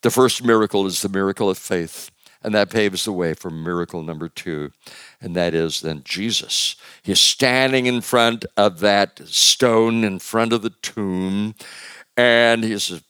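Brief: male pastor, conversational sermon, loud emphasis dropping to quiet, deeper voice. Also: unhurried, clean tone, dry recording. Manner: conversational with joking asides and fillers; swings from loud emphasis to hushed.

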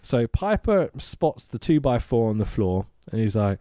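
A man's voice: medium pitch, sing-song, a little slow, mellow, clean tone, no room sound, clean studio sound. A man co-hosting a casual film review podcast, sweary and sarcastic, often mock-quoting the characters. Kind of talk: casual chat.

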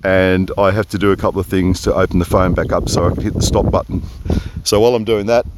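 Man, lowish voice, chatty rambling diary, phone-close outdoor sound. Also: level tone, quick pace, background noise. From Perth, Australia. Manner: rambling, easily sidetracked, chatty asides. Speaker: audio diarist. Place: outdoors under a big tree, windy. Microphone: phone resting close on his face.

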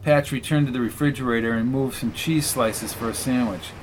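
A man narrating a novel in a steady, measured reading voice. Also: medium pitch, slight background noise. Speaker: audiobook narrator. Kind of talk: scripted narration.

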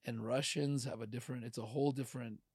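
A man's voice: mid-range voice, steady tone, quick pace, a little mellow, breathy edge, dry recording, studio quality. A man from Ukraine talking in a loose, rambling podcast chat, full of fillers. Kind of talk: casual chat.

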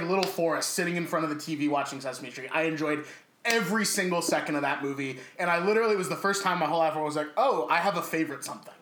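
A man talking through a film on a casual podcast with a bright, forceful voice pitched a bit high. He tells stories with plenty of swearing and energy. His voice bounces around an echoey room. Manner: animated, profane storyteller. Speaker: podcast co-host. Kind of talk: casual movie discussion.

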